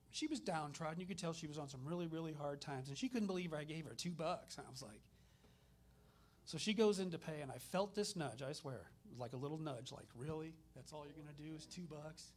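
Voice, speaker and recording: Chatty man preaching. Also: on the high side. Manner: conversational storytelling, animated retellings. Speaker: minister. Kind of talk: sermon with personal stories.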